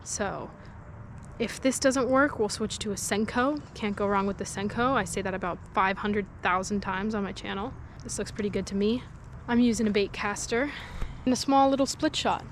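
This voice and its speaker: A woman's voice: mid-range voice, normal speed. A young woman in casual vlog talk, fishing by the water and joking with her viewers in a chatty way. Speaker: fishing vlogger. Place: outdoors by the water. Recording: faint outdoor background noise.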